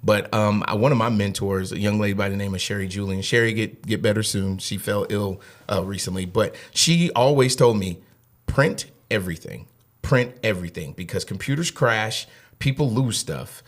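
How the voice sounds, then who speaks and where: A man's voice: on the low side, moderate pace. A man in his thirties, a guest on a podcast, giving earnest advice in casual talk and often repeating words as he thinks. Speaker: HR director guest.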